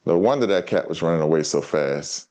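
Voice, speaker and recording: A helpful young girl from a children's storybook, explaining things in a friendly way, as a man reads her aloud. The voice is clear and smooth, only slightly above his usual low tone. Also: animated, fairly quick, mellow. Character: helpful girl who knows sign language.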